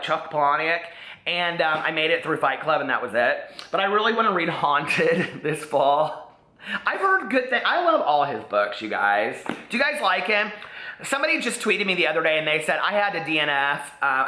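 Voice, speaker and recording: A man's voice: fairly high pitch, sing-song, a little fast, bright, forceful tone. A man rambling chattily to his viewers, talking about books to the camera. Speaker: book vlogger. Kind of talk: chatty book talk to camera. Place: room at home among stacked books. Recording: roomy echo.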